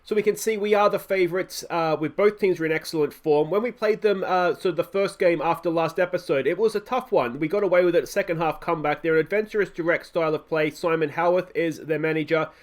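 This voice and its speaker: A man's voice: fairly high pitch, quick pace, hardly any pauses. A young man with an Australian accent commentating his own football management game in a chatty, self-mocking way. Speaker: gaming YouTuber. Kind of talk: let's play commentary.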